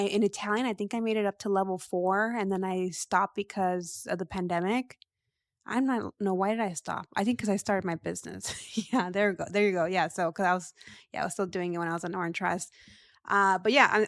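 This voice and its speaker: A woman's voice: mid-range voice, no room sound, studio quality. A woman in her thirties hosting a podcast in a casual, rambling way, laughing often. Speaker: podcast host.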